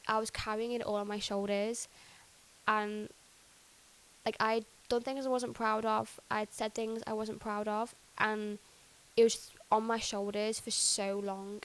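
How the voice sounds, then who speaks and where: Speaking at a slightly slow pace in a medium, level voice, a young woman recounts her faith journey on a podcast. She's chatty, leans on "like" constantly, and reenacts her own past words. It's a rough recording.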